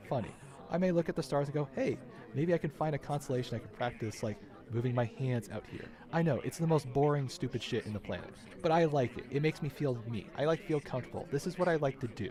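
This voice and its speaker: A man's voice: medium pitch, lively intonation, quick pace, crowd noise. Frustrated man ranting, swearing. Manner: frustrated, swearing, repeats himself. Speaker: vlogger. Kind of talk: unscripted personal rant.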